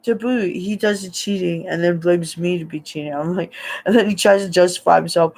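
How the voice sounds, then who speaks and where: A man's voice: high-pitched, fairly quick, vocal fry, darkish tone. A man, rambling through a personal story and laughing often between remarks. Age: 50s. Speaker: vlogger.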